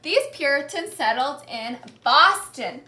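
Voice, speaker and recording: A woman teacher with a high, bright voice leads a call-and-response lesson. She speaks slowly and clearly, pausing so the class can echo each key word. The room rings with noticeable echo. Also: animated.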